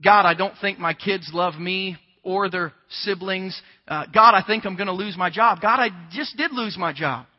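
A man with a high voice preaches a conversational sermon, slipping into quick acted-out exchanges and rising louder to drive points home. The sound rings with the long reverb of a large hall. The audio is slightly dull. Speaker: pastor.

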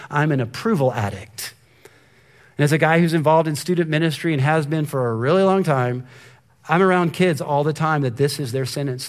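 A middle-aged man giving a sermon, telling a story about his son and at times dropping to a near whisper for emphasis. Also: on the high side. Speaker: pastor.

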